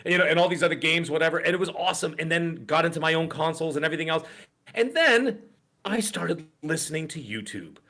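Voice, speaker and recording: A man's voice: on the high side, lively intonation, quick pace, bright, forceful tone. A middle-aged man co-hosting a podcast in casual chat, rambling through stories and acting out the voices of people he quotes. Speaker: podcast co-host. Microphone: desk podcast microphone.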